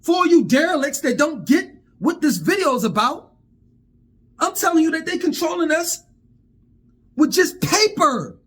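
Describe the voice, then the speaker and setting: A man's voice: very high-pitched, sing-song, unhurried, long pauses, fairly bright tone. Heated, profane man ranting. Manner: heated, profane, stammering repetitions. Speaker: vlogger. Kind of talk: angry monologue rant.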